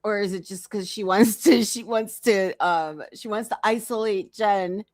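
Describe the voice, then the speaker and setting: A woman's voice: mid-range voice, measured pace, dry recording, studio quality. Woman giving teasing reaction commentary. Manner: incredulous, teasing, talks back to a clip. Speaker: commentary streamer.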